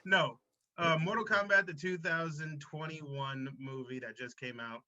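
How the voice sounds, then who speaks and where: A man's voice: on the high side, steady tone, a little slow, bright, forceful tone. A man hosting a casual podcast, opening the show in a loose, joking way with some swearing. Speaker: podcast host. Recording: dull lo-fi sound.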